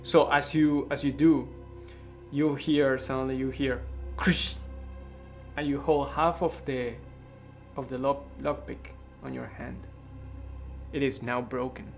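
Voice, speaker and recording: A man narrating a tabletop game as game master, with frequent pauses and restarts. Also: medium pitch, little pitch movement, vocal fry, faint music behind. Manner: halting, full of fillers and restarts.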